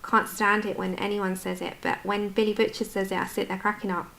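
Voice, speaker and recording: Bright chatty British woman colouring. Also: mid-range voice, little pitch movement, fairly quick, creaky. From United Kingdom. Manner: chatty, reads and answers viewer comments. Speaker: colouring livestream host. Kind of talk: casual chat while colouring.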